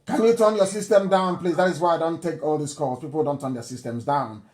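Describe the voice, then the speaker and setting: Male radio host, high-pitched, insistent and pleading, live address. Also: fairly quick. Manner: forceful, repetitive, pleading. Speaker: radio broadcaster taking calls.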